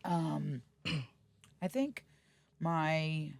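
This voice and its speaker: Guesting on a podcast, this middle-aged woman spins stories in a casual interview, blunt and quick to swear, animatedly mimicking whoever she's quoting. She has a deep voice with vocal fry and draws her words out.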